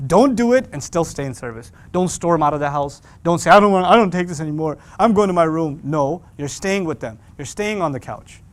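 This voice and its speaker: A slightly high-voiced man leads a Quran class for young adults in a playful, energetic style. To drive his points home, he imitates parents and teenagers.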